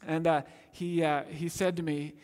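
A man preaching a sermon as pastor, earnest, drawing out key phrases slowly for emphasis. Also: a little high, level tone, a little mellow. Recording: long hall reverb.

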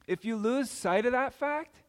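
A man's voice: very high-pitched, animated, measured pace, long reverb tail. A man preaching a sermon as pastor, earnest and repeating key phrases for emphasis.

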